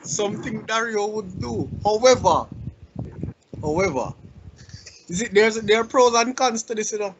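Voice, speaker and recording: Podcast co-host, man, slightly high voice, rambling with restarts; dull audio, faint hiss. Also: normal speed, pauses often. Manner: rambling, restarts a lot, laughs easily. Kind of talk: casual podcast chat.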